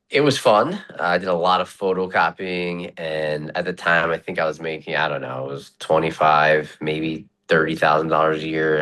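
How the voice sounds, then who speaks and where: A man in his forties, a mortgage professional, telling his story as a podcast guest. He talks casually and acts out the voices of the people he quotes. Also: extremely low pitch. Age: 40s. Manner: animated, acts out quoted voices, says "long story short" often.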